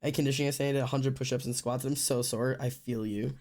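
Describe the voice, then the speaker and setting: A man's voice: medium pitch, fairly even intonation, very fast, darkish tone. A young man streaming live, chatting casually and rambling with lots of fillers and restarts. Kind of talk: casual chat with stream viewers. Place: indoors at home.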